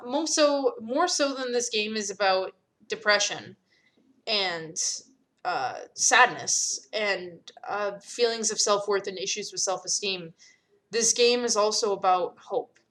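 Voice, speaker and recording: A young woman game developer giving candid, halting casual commentary, full of pauses and fillers. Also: mid-range voice, fairly bright tone.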